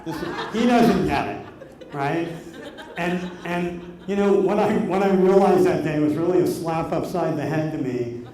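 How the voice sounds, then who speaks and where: A man in his thirties telling a story to a live audience, animated and energetic, drawing the crowd in. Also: on the high side, measured pace. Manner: animated, energetic storyteller who gets the audience shouting along. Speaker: motivational speaker. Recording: echoey room with faint noise.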